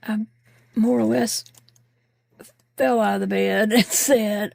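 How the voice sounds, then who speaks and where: A woman's voice: mid-range voice, fairly even intonation, slow pace, creaky, long pauses, a little mellow, no echo. A woman vlogging while crafting, chatting candidly and rambling with fillers, sounding tired and short of breath. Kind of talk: casual chat while crafting.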